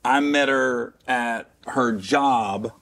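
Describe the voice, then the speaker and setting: A man's voice: mid-range voice, very slow, a bit bright, a little hiss or hum. A middle-aged man from Cincinnati, a comedian guest, telling a personal story candidly with restarts and wry asides. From Cincinnati, Ohio. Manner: rambling, with restarts and self-mocking asides.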